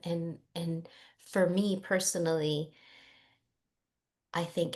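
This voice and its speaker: Woman, host, low voice, flat delivery, reflective and emotional. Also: slow, pauses often. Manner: emotional, reflective, many fillers. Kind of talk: conversational wrap-up.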